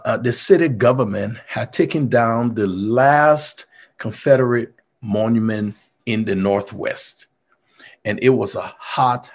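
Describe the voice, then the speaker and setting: Gravelly middle-aged man with Liberian accent. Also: medium pitch. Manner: earnest, repeats words when making a point. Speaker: mayor giving a talk. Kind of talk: motivational storytelling talk.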